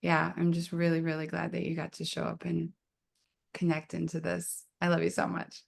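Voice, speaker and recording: A woman hosting an online prayer circle on a video call, guiding gently and affectionately. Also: lowish voice, monotone, normal speed, vocal fry, husky. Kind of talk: guided spiritual circle, casual.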